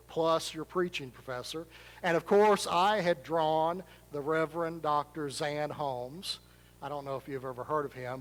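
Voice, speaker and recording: A pastor from Arkansas, preaching a sermon in a conversational, self-deprecating storytelling way. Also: male voice, on the high side. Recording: long reverb of a large hall.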